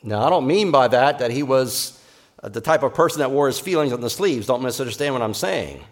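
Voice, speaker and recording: A man preaching a sermon in an earnest, measured way, repeating key phrases for emphasis. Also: mid-range voice, expressive. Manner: soft, slow closing prayer. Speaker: pastor.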